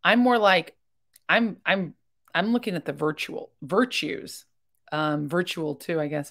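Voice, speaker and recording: A woman's voice: fairly low pitch, a bit bright. A woman hosting a casual livestream, rambling in a chatty way and talking openly and emotionally while reading viewer comments. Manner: chatty and rambling, with quick jumps between topics. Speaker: livestream host reacting to videos.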